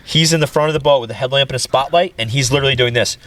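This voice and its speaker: A man's voice: medium pitch, rapid-fire, pushed and bright, a little hiss or hum. A man, telling a story in a casual talk show and laughing as he goes. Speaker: podcast host.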